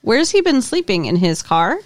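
A woman's voice: mid-range voice, very animated, normal speed. A woman co-hosting a podcast, talking in a casual recap chat, agreeable and chatty, laughing often. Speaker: podcast co-host.

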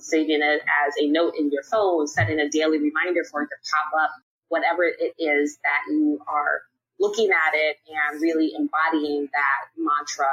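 Podcast guest, young woman, low husky voice, upbeat and casual. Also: a bit bright, lo-fi sound. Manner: upbeat, candid, casual slang. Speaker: podcast guest, nonprofit PR professional. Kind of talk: podcast interview.

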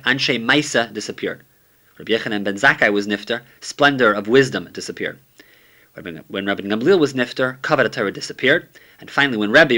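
A man's voice: lowish voice, pushed and bright. A man teaching a summary of a Talmud page, reading steadily and using many Hebrew and Aramaic terms.

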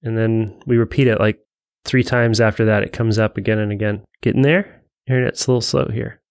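A man's voice: on the low side, fairly even intonation, brisk, no room sound, studio quality. A man co-hosting a casual movie discussion, chatty and jokey. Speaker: podcast co-host.

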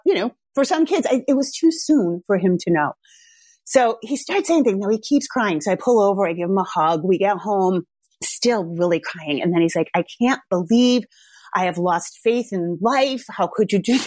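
A woman's voice: mid-range voice, darkish tone, dry recording, studio quality. A middle-aged mother animatedly telling a story to her viewers, laughing and acting out the voices of the people she quotes.

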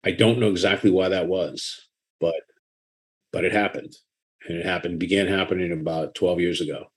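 Low-voiced man with a Boston accent. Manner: frank and animated, quick asides and laughter. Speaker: author being interviewed. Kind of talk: casual interview talk.

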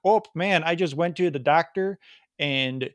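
A man putting on a folksy old Wisconsin-accented guy, sixties, oversharing, higher voice. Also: dry recording, natural voice. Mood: chatty. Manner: chatty, drawn-out "oh, man".

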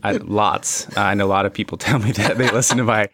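A man's voice: fairly low pitch, steady tone, quick pace, a bit bright, dry recording. A man co-hosting a podcast, a therapist reflecting earnestly on his work with some playful teasing. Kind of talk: casual chat.

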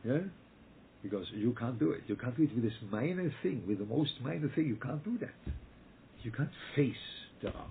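A man's voice: medium pitch, animated, moderate pace, gravelly. A man teaching a Torah lesson as a rabbi, answering questions in an emphatic way, repeating himself and often checking in with his listeners. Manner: emphatic, repeats words, checks in with "yeah?" and "okay?". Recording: tinny phone-like line with faint noise.

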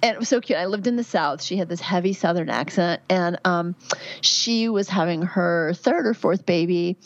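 A woman's voice: on the low side, moderate pace, no echo. Frank grandmother guest telling stories, lo-fi dry recording. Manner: frank, anecdotal, with fillers and restarts. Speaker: guest expert on pregnancy and motherhood. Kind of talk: casual interview talk.

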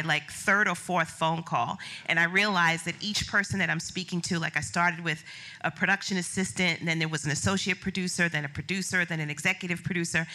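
A middle-aged woman shares a story from a live stage, animated and quick to laugh, slipping into other people's voices. Her voice is bright and forward, set a bit low. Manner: animated storyteller, acts out quotes, laughs often. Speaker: business founder telling a story on stage.

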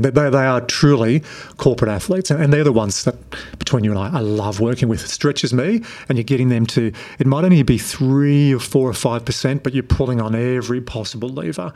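Middle-aged man, Australian accent, relaxed chatty podcast guest, frequent restarts. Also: medium pitch, a little fast. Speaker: speaker and productivity coach. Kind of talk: podcast interview answers.

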